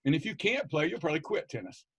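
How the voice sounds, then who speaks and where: This is a man with a somewhat high voice making his case on an educators' panel. He is blunt and emphatic, with the odd swear word, and repeats key words for stress. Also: sing-song, fast talker, fairly bright tone, slightly rough. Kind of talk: passionate panel discussion.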